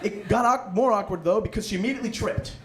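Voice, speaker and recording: A young man, a student, doing a self-deprecating stand-up comedy set and jumping into excited inner voices, in front of a laughing audience. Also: high-pitched, quick pace. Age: young adult. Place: live comedy room with audience. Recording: echoey room with background noise.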